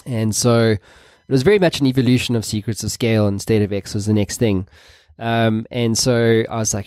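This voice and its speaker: A man hosts a casual podcast interview, wandering loosely through his thoughts with the odd swear word. His voice sits low and dark. The sound is dry and close. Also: brisk, few pauses, clear, resonant tone, no echo. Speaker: podcast host.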